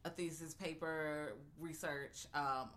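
A woman's voice: sits low, fairly even intonation, slow pace, a bit bright. A woman casually chatting as a podcast co-host about a movie, blunt and profane in her commentary. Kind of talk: casual chat reviewing a movie.

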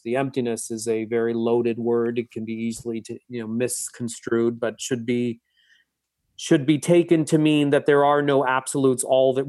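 A man, a psychotherapist, telling a personal story in a reflective, halting way, with many restarts. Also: mid-range voice, a little mellow, dry recording. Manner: reflective, with frequent restarts and fillers. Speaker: guest psychotherapist. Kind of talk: conversational storytelling.

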